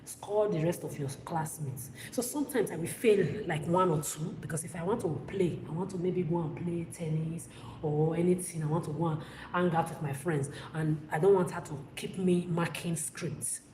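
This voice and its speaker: A woman's voice: on the low side, normal speed. Ranting woman, echoey room. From West Africa. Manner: angry, blunt and profane, with repetitive restarts. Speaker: vlogger. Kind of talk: ranting monologue to camera. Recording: echoey room with loud background noise.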